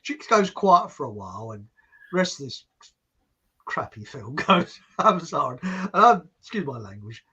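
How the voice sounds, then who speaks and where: A husky-voiced man hosts a casual podcast, telling a story in a jokey, rambling way. His pitch swings widely as he drifts into asides and back again. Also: very animated, normal speed, bright, forceful tone, dull audio. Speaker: podcast host.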